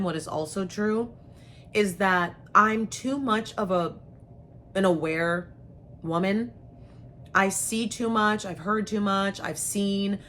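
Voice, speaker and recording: A woman's voice: medium pitch, a bit bright, a little hiss or hum. A young adult woman hosting her own channel, talking frankly and chattily to camera with slangy asides. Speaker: host. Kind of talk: casual chat to camera.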